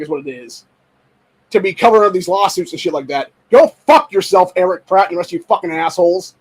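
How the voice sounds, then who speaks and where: Young man, high voice, rapid angry rant, swearing, shouting at times. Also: low-quality recording. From Ohio. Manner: profane, heated, often shouting. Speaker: podcast host.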